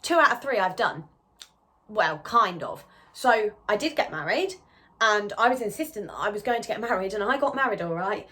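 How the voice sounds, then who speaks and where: A woman's voice: mid-range voice, expressive, normal speed, bright, forceful tone. A woman in her twenties talking casually to camera at home as a lifestyle vlogger, chatty and rambling with plenty of restarts. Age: 20s.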